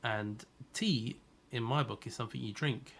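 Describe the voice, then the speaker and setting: A man's voice: mid-range voice, moderate pace, vocal fry, fairly bright tone, slight background noise. A man live-streaming a racing game, chatting casually and teasing viewers as he answers their messages. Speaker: gaming streamer.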